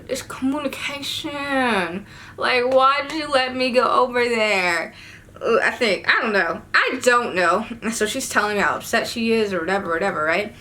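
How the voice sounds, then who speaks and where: Young woman vlogger, bright voice, slangy storyteller with sudden cursing bursts, faint hum behind. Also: mid-range voice. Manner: animated, swearing, slangy storytelling with sudden outbursts. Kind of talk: casual storytime.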